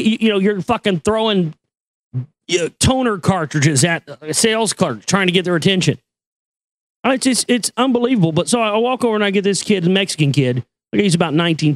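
High-voiced middle-aged guy ranting, swearing a lot, stumbling over his words, dry close sound. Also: lively intonation, a little fast, no echo. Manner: profane, exasperated, repetitive restarts. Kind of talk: ranting personal story.

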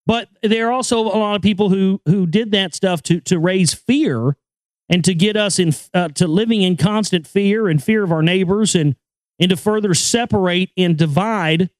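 A man's voice: sits high, moderate pace, no room sound. A man hosting a casual monologue, talking emphatically and profanely, often repeating his words. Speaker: podcast host and filmmaker.

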